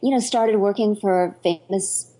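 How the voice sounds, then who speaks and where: The recording is rough, but the woman's mid-range voice comes through mellow and unhurried. She's a middle-aged actress and dialect coach chatting eagerly in a casual interview, enthusiastic and rambling, with frequent fillers and restarts.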